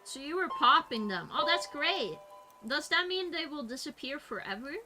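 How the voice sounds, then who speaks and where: A young woman streamer chatting casually and reading her live chat aloud, animated and giggly. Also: sits high, normal speed. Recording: music playing behind.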